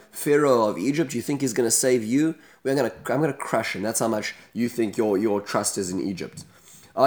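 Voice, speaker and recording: A man's voice: mid-range voice, lightly acted. A man voicing an arrogant Assyrian general who taunts a besieged city with scornful questions. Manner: mocking, scornful.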